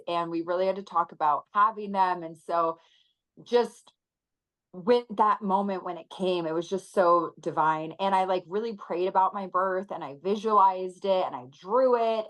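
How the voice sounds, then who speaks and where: A woman's voice: on the low side, poor audio. Earnest, reflective woman podcast guest. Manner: earnest, reflective, with soft laughs. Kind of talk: conversational interview.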